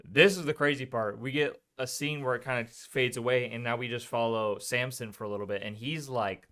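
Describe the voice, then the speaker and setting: A man's voice: mid-range voice, fairly even intonation, a little fast, bright, forceful tone. A young man co-hosting a podcast, reviewing a movie in a rambling, casual way full of "like" fillers. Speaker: podcast co-host.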